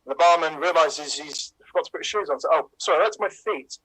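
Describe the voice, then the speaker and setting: A man's voice: fairly high pitch, fast talker, a bit bright, low-quality recording. A man, an improv player, telling long, rambling pun jokes with self-aware asides.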